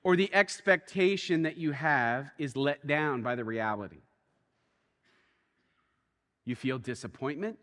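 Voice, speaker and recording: A man preaching a sermon as a pastor, telling a story in an animated way that swings between quiet and excited. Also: mid-range voice, a little slow, long pauses, long reverb tail. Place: church.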